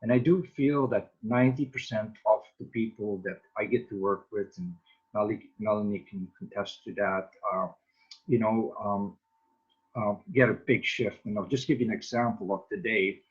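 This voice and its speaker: A man in casual chat as a wellness practitioner on a video call, speaking earnestly and slowly with pauses. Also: on the low side, steady tone, slightly rough. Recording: muffled video call audio.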